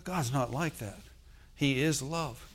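A male pastor preaching a sermon, calling to the congregation and swinging from loud emphatic lines to soft, intimate ones. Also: medium pitch, takes it slowly, a little hiss or hum. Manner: preaching with call-and-response asides.

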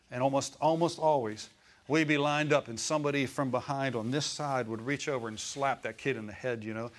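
A male pastor preaching a sermon in a conversational way, often turning to the congregation with questions. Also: mid-range voice. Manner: acts out voices in quotes.

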